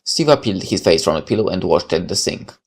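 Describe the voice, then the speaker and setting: A man's voice: deep voice, expressive, a little fast, creaky. A man reading a visual novel aloud as narrator, with occasional casual asides.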